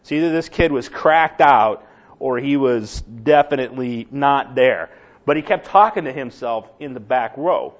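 A middle-aged man giving a humorous personal testimony to a congregation, a lively, self-deprecating storyteller who gets animated as he goes. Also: medium pitch, unhurried, muffled recording. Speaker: church member giving testimony.

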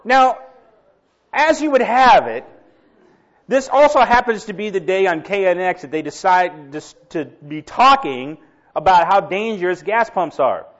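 A male pastor telling a funny story in a sermon, animated and laughing, acting out the voices of the people in it. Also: high-pitched, a little slow. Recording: dull lo-fi recording.

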